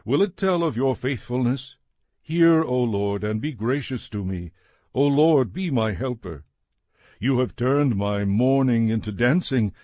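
A man's voice: mid-range voice, lively intonation, measured pace, a little mellow, no room sound. Man solemnly reading scripture, dry close sound. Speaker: scripture reader.

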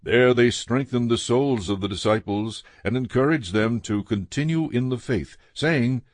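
A man giving a measured, steady reading of a Bible passage as scripted narration. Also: medium pitch, no echo, clean studio sound. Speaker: scripture reader.

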